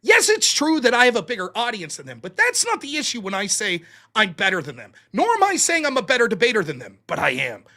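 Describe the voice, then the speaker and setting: Man, very high voice, bright and forceful, blunt and profane, casual guest chat. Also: fast talker. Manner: blunt, profane, animated storytelling. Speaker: guest streamer and debater. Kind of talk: casual podcast conversation.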